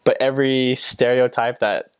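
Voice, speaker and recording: A man's voice: mid-range voice, little pitch movement, normal speed, clear, resonant tone, no room sound. A young man from the United States, a former missionary, answering interview questions in a chatty way with lots of fillers.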